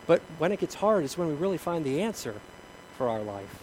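A male pastor preaching a sermon in a church, with a slightly raised pitch. He tells stories and repeats his key questions with emphatic swings in loudness. A faint hum sits behind him. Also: big pitch swings, a little fast, rough recording. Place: church sanctuary.

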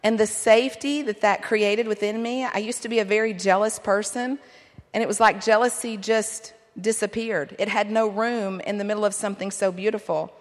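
A middle-aged woman giving a sermon-style talk to a men's conference, earnest and encouraging, with lively asides. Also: medium pitch, moderate pace. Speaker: pastor's wife speaking at a men's conference. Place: large hall. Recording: long hall reverb.

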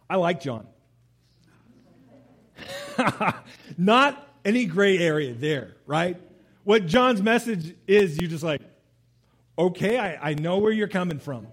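A man preaching a sermon in an animated, conversational way, mixing scripture reading with casual asides. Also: sits high. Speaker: pastor.

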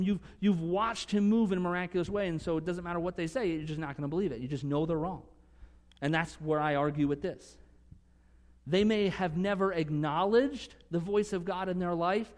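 A man preaching a sermon earnestly, swinging from emphatic conviction to soft, hushed moments. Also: sits high, in a large hall. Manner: earnest, rising to emphatic conviction, dropping to soft near-whispers. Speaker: pastor.

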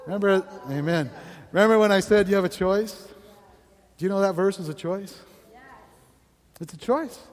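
A man preaching an energetic sermon as pastor, exclaiming and laughing often between lines. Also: high-pitched, moderate pace, pauses often, long reverb tail.

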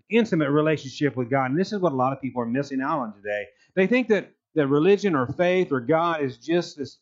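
An older male pastor delivers a sermon in a fairly high voice, telling a story in an earnest way and acting out the quoted lines. The recording sounds a little muffled.

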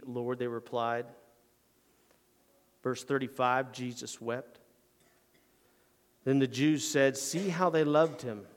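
A man preaching a sermon in a church. He swings from quiet, low passages to loud, emphatic ones. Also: big-room sound. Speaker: pastor.

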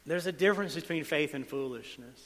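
Male pastor, bright, ringing voice, sermon delivery with dramatic soft-loud swings, church hall reverb. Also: a little high, fairly quick. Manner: dramatic shifts between soft asides and loud emphasis.

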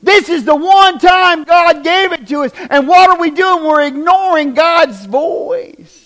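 A pastor preaches a fiery revival sermon to his church. His voice sits high for a man. He swings from shouted lines down to hushed, near-whispered ones. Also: measured pace, hardly any pauses.

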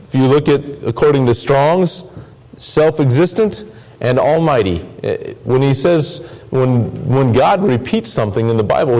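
A man's voice: on the high side, mellow, rough recording. A man preaching a sermon as pastor, earnest, often repeating words and phrases for emphasis.

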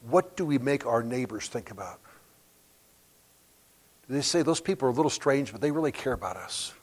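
With a mid-range voice that has a breathy edge, a man in his sixties preaches as a guest. He tells stories and works up to sudden bursts of emphatic loudness.

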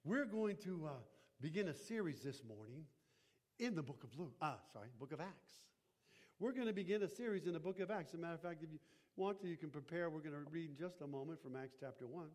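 High-voiced pastor preaching in a hall. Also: male voice, lively intonation, a little mellow. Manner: halting, many "uh" fillers, calls for "Amen?". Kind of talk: sermon. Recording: long reverb of a large hall.

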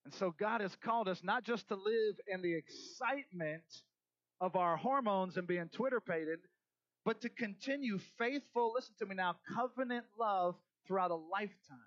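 A male pastor preaching a sermon, animated, swinging between loud emphasis and soft asides. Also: sits high, normal speed, no echo, muffled recording.

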